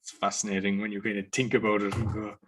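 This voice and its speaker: A man with a Cork Irish accent, hosting a podcast and asking relaxed, loosely phrased questions. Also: fairly low pitch, fast, slight background noise. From Ireland. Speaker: podcast host. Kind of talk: casual interview conversation.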